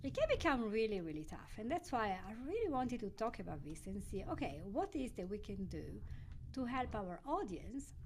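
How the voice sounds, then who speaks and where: A woman hosting a casual interview, chatty and animated, laughing often. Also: fairly high pitch, slight background noise. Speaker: podcast host.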